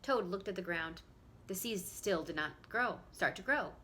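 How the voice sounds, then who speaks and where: Expressive woman reading to preschoolers. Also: fairly low pitch, a little slow, slight background noise. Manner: warm, expressive, talks to young children. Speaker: preschool teacher. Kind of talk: children's storybook reading. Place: at home.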